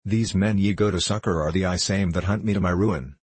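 A man's voice: sits low, a little fast, darkish tone, breathy edge, no room sound. A man voicing a reproachful young runaway. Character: frightened stubborn young traveller, male.

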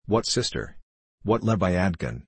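A genteel older gentleman frets and startles easily, played by a man narrating the book. His voice sits low and husky, recorded close and dry. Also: big pitch swings, unhurried, dry recording, exaggerated voice. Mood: alarmed.

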